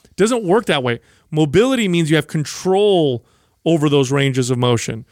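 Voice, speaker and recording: A man's voice: fairly high pitch, animated, moderate pace, darkish tone, no echo, studio quality. A man co-hosting a casual fitness podcast, explaining emphatically and correcting misconceptions. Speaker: podcast co-host.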